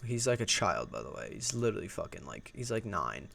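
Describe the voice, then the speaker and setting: A man's voice: on the low side, sing-song, a little fast, vocal fry, fairly bright tone. Young man telling a rambling, profane story. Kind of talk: casual storytime vlog.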